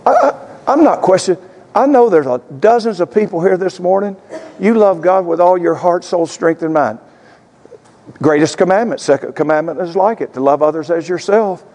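A man preaches in a high, bright-pitched voice, his words ringing out with a long sanctuary echo. He moves from folksy, chatty asides into fervent, shouted prayer. He is a pastor from Tennessee addressing his congregation. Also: moderate pace. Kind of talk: sermon. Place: church sanctuary with stage lights. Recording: long reverb of a large sanctuary.

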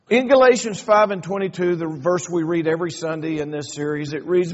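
Folksy preacher, high voice. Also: male voice, fairly quick, hardly any pauses. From Kentucky. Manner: folksy, storytelling, playful asides to the congregation. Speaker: pastor. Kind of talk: sermon. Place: church sanctuary. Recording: dull lo-fi sound in a reverberant hall.

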